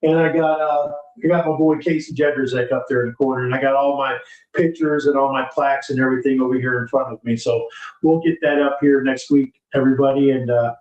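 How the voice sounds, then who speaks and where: A man's voice: mid-range voice, fairly even intonation, a little fast, darkish tone, muffled recording. A man hosting a podcast, chatting casually, reading sponsor ads and swearing freely with frequent laughs. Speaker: podcast host. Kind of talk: casual chat and live sponsor reads. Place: home studio in a new house. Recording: echoey room, distant mic.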